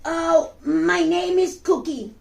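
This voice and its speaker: A woman's voice: extremely high pitch, slow pace, vocal fry, darkish tone, roomy sound, distant mic, full character voice. A woman voicing a timid, sweet baby girl electric eel in a storybook, stammering when she apologizes.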